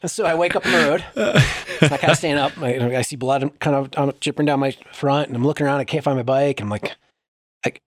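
A middle-aged man as a podcast guest, telling a story in casual chat, animated and laughing through it. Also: mid-range voice, fairly quick, no room sound.

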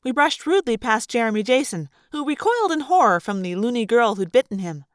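Animated woman reading a story aloud. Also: on the high side, brisk, clear, resonant tone, dry recording, studio quality. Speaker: audiobook reader. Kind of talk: expressive first-person storybook narration.

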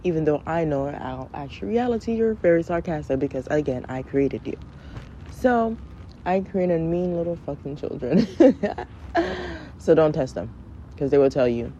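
Blunt, profane woman with a dark voice. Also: lively intonation, normal speed. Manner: blunt, profane, mimics her kids in high voices. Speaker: podcast host. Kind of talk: casual comedic monologue. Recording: dull lo-fi sound with faint background noise.

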